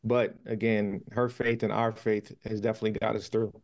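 A man's voice: on the low side, flat delivery, normal speed, darkish tone. A man guest in a podcast interview, telling his story in an easygoing, conversational way. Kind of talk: casual interview talk.

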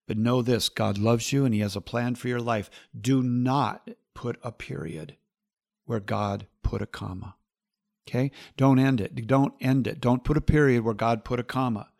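A man with a gravelly, mid-pitched voice speaks as a podcast host, earnest and pastoral. He repeats his key phrases and moves from advice into prayer. The sound is dry and close. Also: no room sound.

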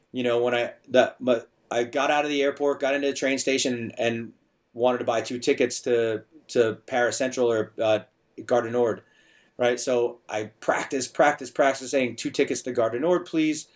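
A middle-aged man chatting on a podcast, voice sitting at an ordinary middle pitch. He tells stories in a loose, rambling way, circling back over his words as he goes. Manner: chatty, storytelling, frequent restarts and filler. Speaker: bar owner and bartender guest. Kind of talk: casual podcast conversation.

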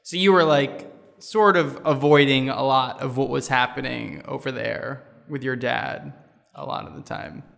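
A man's voice: mid-range voice, unhurried, gravelly, fairly bright tone, big-room sound. A man interviewing a guest in easygoing casual chat, summing up what she says. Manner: easygoing, summarizes the guest's story back.

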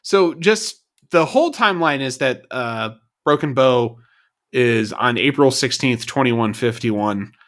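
A man co-hosting a casual podcast, talking in an animated, jokey way about a TV series. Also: medium pitch, unhurried. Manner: animated, jokey, puts on whiny mock voices. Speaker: podcast co-host. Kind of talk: casual chat.

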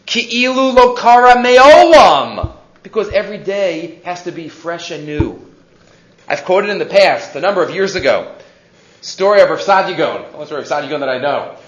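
A rabbi teaching a weekly Torah lesson, his voice high and swinging up and down with animation. He threads Hebrew quotes through his English. The recording is roomy and dull, lo-fi. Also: animated, fairly quick. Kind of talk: weekly Torah portion lecture.

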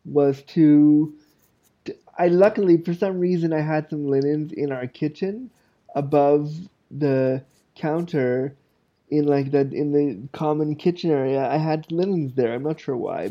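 A man's voice: fairly high pitch, lo-fi sound. A man in his thirties hosting a podcast, telling a story in a candid, rambling way with many restarts. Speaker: podcast host. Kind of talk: casual storytelling.

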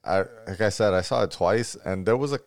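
A man with a gravelly yet smooth, resonant voice talks hesitantly in a casual podcast chat, stopping and restarting his sentences. The sound is dry and close to the mic. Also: on the low side, brisk, dry recording. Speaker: podcast co-host.

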